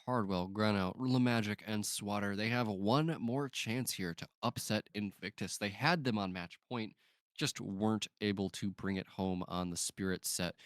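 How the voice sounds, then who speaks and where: A man calling live esports play-by-play, fluent and building excitement on big plays. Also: fairly low pitch, normal speed, no room sound, clean studio sound.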